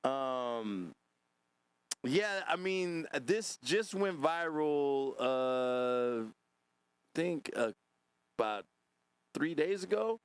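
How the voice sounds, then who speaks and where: A man's voice: a little high, lively intonation, very slow, pauses often, clear, resonant tone. A man hosting a podcast, reacting to clips in casual commentary, laughing often and swearing.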